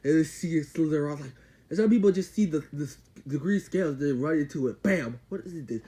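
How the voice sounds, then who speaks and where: A man excitedly retelling a story, rambling, full of fillers and spoken sound effects like boom and pow. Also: fast, rough recording. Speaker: channel host.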